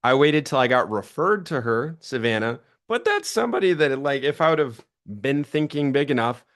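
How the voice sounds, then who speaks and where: A man in his thirties gives a sales training talk in an energetic, chatty way. His voice sits at an average pitch. He acts out phone calls as he tells his stories.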